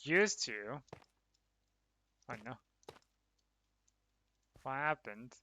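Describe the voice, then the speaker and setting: Slow, bright-voiced man streaming a game. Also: medium pitch, expressive. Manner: chatty, talks to viewers, laughs often. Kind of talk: casual livestream commentary while gaming.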